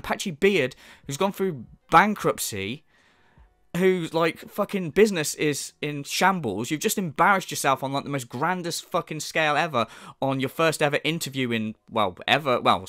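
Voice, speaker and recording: A man's voice: fairly high pitch, lively intonation, normal speed, fairly bright tone, dry recording, studio quality, soft background music. A man hosting a mocking commentary, sarcastic and sweary, often mimicking others in exaggerated voices. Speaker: commentary channel host.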